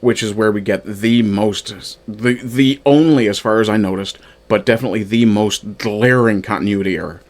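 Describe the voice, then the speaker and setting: A man's voice: lowish voice, moderate pace, few pauses. A man casually reviewing a fan film from his notes, thinking aloud with frequent fillers and restarts. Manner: reads from his own notes. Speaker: media reviewer.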